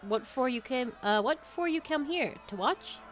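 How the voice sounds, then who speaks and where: A woman's voice: high voice, expressive, normal speed, dull audio, soft background music. A woman reading as a stately island elder. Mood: calm. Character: calm, stately woman leading island swimmers.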